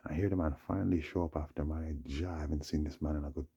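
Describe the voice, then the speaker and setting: This vlogger, a man in his forties, has a rumbling low voice that's warm with a breathy edge, fairly even in intonation, and he talks fast over dull audio. His long storytelling monologue meanders in a slangy, casual way, punctuated by "you know what I'm saying" as he checks in with the listener.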